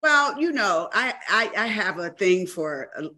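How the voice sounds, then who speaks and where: A woman's voice: medium pitch, very animated, unhurried, pushed and bright. A woman co-hosting a talk show, gushing in casual chat and trailing off into fillers.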